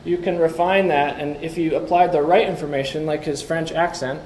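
A slightly high, darkish male voice with fairly even intonation runs a little fast through a conference slide talk. He engages listeners with questions and wry asides in a relaxed, lecturing style, captured in an echoey room with faint ambience and slight noise.

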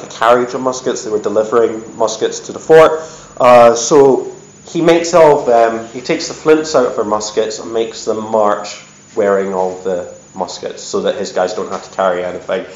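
A man giving a lively, chatty storytelling talk at an event, with plenty of ums and uhs. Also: on the low side, moderate pace. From United States. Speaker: presenter. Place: event hall. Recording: echoey hall.

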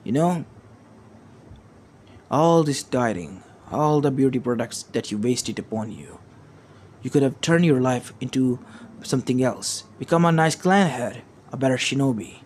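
A man's voice: medium pitch, animated, a little slow, a little mellow, slight background noise, close to an everyday voice. A man voicing an arrogant, cruel male demon lord who speaks with cold contempt, over faint background music. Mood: contemptuous.

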